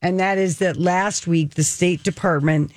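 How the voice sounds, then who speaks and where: A woman's voice: lowish voice, a little slow, dry recording. Chatty radio co-host woman, dry sound. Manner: chatty, animated storyteller. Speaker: radio talk show co-host. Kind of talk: casual chat. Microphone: studio mic.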